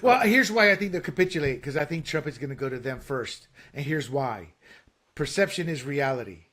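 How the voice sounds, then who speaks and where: A man co-hosting a casual political talk show, excitable and stumbling over fillers and restarts as he argues his points. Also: a little high, fairly quick. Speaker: podcast co-host.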